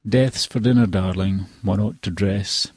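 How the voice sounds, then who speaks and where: A man reads his poems slowly and deliberately in a low, husky voice. The recording is close and dry, with no room sound. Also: a little mellow, no echo. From Scotland. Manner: measured, deliberate recitation. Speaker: poet. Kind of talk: poetry reading.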